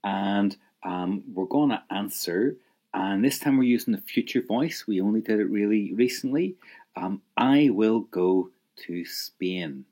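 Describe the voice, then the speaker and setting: A man's voice: lowish voice, darkish tone. A man teaching an audio language lesson, encouraging the listener and prompting them to repeat phrases.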